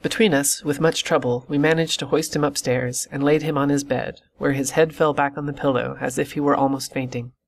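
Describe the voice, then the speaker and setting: A man reading an audiobook in steady, measured scripted narration. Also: mid-range voice, vocal fry. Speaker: audiobook reader.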